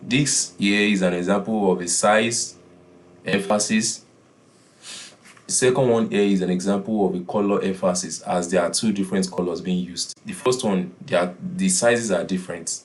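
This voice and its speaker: A man teaching a beginners' design class, often repeating his key points and pausing with "uh". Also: sits low. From Nigeria. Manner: repeats key phrases, filler "uh". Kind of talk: classroom lesson.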